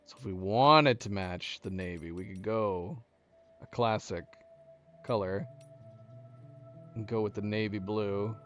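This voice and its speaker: A man's voice: lowish voice, unhurried, pauses often, fairly bright tone, soft background music. A man hosting a let's-play, casually thinking aloud and joking at the game characters. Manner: thinking aloud, chatty and wry. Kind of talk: casual gameplay commentary.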